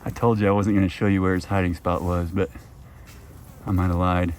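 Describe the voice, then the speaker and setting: A man's voice: low voice, level tone, fairly quick, darkish tone, a little hiss or hum. Man chatting fondly with his goats. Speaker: goat farmer and vlogger. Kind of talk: casual chat with the animals. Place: outdoors in a goat pen.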